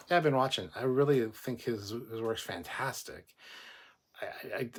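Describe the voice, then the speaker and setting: Husky low-voiced man chatting on a livestream. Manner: joking, chatty, rambling with restarts. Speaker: livestream host. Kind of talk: casual livestream chat, reading viewer comments.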